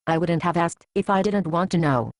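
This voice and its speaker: A woman's voice: on the low side, normal speed, no room sound, close to an everyday voice. A woman acting as a frank churchgoing friend who counsels with blunt, dry teasing in an amateur Bible drama. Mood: matter-of-fact.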